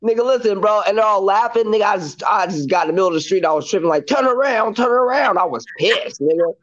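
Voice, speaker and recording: A young man telling a story in casual group chat, animated and repetitive, often saying "listen" and "bro". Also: high-pitched, quick pace, highs cut off.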